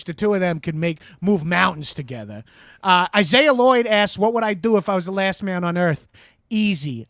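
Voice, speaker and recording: A man's voice: high-pitched, a bit bright, dry recording, studio quality. A man playing a crude, boastful radio host with a Long Island accent, taking calls on a comedy show. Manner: boastful, crude, swaggering, lots of swearing and "bro". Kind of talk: improvised comedy call-in show.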